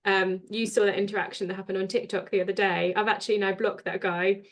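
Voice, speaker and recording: A woman's voice: medium pitch, level tone, fast talker. A woman guest on a podcast talking reflectively about respect and letting people go, sometimes losing her thread. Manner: reflective, loses her thread, soft-spoken. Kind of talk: casual spiritual chat.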